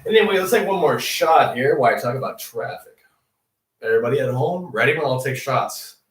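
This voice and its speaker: A man's voice: mid-range voice, fairly quick. Profane rambling man, echoey room. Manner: profane, laughing, animated storytelling. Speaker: comedic news show host. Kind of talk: rambling comedic monologue. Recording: echoey room, distant mic.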